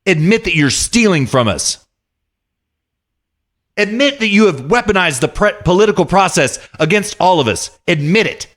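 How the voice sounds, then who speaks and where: A man with a fairly high-set voice rants into his podcast mic. He hammers the same phrases over and over, heated and profane, in a political monologue addressed straight to his listeners. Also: animated, normal speed, a bit bright. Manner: heated ranting, profane, repetitive. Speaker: podcast host.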